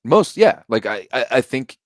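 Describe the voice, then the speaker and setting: A man's voice: medium pitch, big pitch swings, moderate pace, no echo, clean studio sound. A man co-hosting a casual sports podcast, rambling with many restarts and profane jokes. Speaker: podcast co-host.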